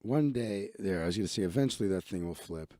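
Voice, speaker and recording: A man rambles through the end of his live stream in a crude, joking way. His pitch swings widely while his tone stays dark and mellow. The sound is dry, with no room echo. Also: expressive, fast talker. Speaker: livestream host. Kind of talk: casual live-stream chat.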